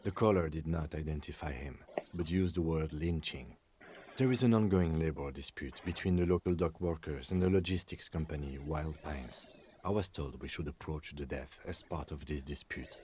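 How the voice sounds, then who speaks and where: An actor playing a calm, measured male police lieutenant in a video game, speaking in a level, formal way. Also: rumbling low. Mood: composed. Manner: level, formal, matter-of-fact briefing. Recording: dull lo-fi game audio, faint noise.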